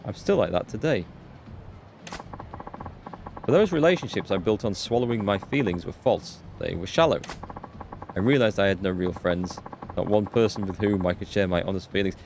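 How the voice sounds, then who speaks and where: A timid, gentle young dominatrix who apologizes more than she commands, read out by a man. The voice sits low and plain, barely changed from an everyday speaking voice, as if reading game subtitles aloud. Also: expressive, normal speed, pauses often, slight background noise. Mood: meek. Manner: soft-spoken, apologetic.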